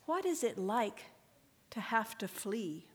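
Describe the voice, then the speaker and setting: A woman speaking at a worship service, reading a story aloud in a measured, deliberate way. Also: fairly high pitch, sing-song, slightly rough. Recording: echoey room with long reverb.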